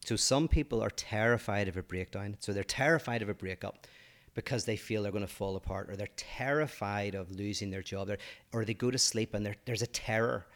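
A man with a fairly low voice co-hosts a relaxed podcast. He explains ideas eagerly, pushing forward in quick bursts and stumbling into restarts along the way. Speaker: podcast co-host. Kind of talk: casual explaining chat.

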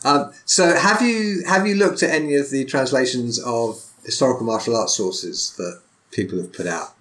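A male podcast host in relaxed conversational interview mode. He talks bluntly and with animation, telling stories with lively energy and a mid-range voice. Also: medium pitch, normal speed.

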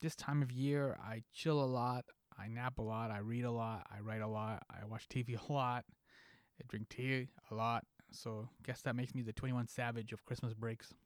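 A man's voice: medium pitch, level tone, normal speed, clean tone, no room sound. Playful male podcast host, very dry sound. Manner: playful, jokey delivery with pop-culture asides. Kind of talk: scripted podcast monologue.

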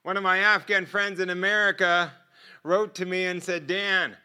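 A middle-aged man telling stories as a guest speaker in a sermon, animated and often laughing between lines. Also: high-pitched, moderate pace, clean tone. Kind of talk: sermon storytelling.

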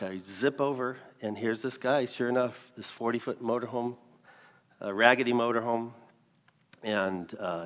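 A man preaching a sermon, mixing scripture with a personal story. He speaks earnestly and gets emphatic, with sudden loud bursts on key lines. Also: on the low side. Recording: long reverb of a large hall.

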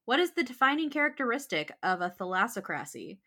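A woman hosts a trivia game on a casual podcast, reading questions with a bright, forward tone. She laughs easily as she goes and keeps things light. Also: fairly high pitch, very animated, fast talker. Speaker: trivia host.

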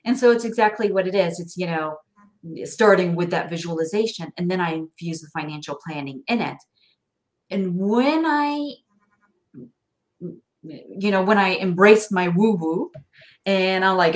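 A middle-aged financial planner appears as a guest on a talk show, chatting in an animated interview. Her medium-pitched voice is expressive at a measured pace, and she laughs often and acts out quoted dialogue.

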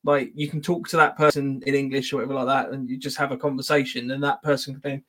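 A man hosting a casual chat, relaxed, thinking out loud and reading out comments. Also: medium pitch, fast talker. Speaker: podcast host.

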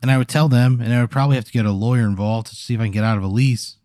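A man's voice: medium pitch, very fast, warm tone, dry recording, studio quality. Exasperated swearing man on a podcast. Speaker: podcast co-host. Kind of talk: improvised comedy podcast.

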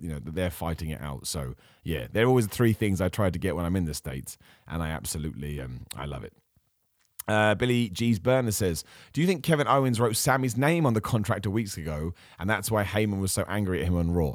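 Fast-talking deep-voiced man, voice going hoarse. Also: dry recording, clean studio sound. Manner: enthusiastic, chatty, frequent fillers and restarts. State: losing his voice. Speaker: podcast host answering viewer questions. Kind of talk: casual chat.

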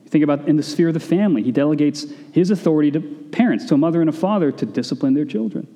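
A man preaches in a relaxed, conversational style, tossing in casual asides as he explains his point. His voice sits a little high for a man yet sounds warm and mellow. A long reverb trails each phrase, as in a large hall. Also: rapid-fire. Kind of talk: sermon.

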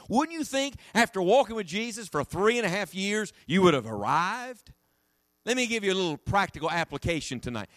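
Middle-aged male preacher, emphatic and animated; slightly high pitch, dry close recording with faint hum. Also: dry recording. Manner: animated, emphatic preaching with rising and falling delivery. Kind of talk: sermon.

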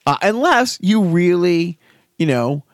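A man's voice: sits high, very animated, slow, dry recording, studio quality. A man co-hosting a casual podcast, rambling with many restarts. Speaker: podcast co-host. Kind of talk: casual chat.

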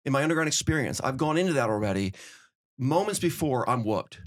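A middle-aged winery owner appears as a podcast guest, telling stories in casual conversation with a mid-range voice. His storytelling is fast and animated, and he acts out the quotes as he goes.

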